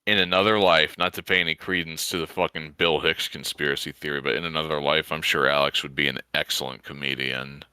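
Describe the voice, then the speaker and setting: A man's voice: a bass voice, fairly even intonation, brisk, hardly any pauses, bright, forceful tone, smooth, no room sound. A man co-hosting a reaction show, cursing freely and laughing at the clip. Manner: profane, laughing. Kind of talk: casual reaction commentary.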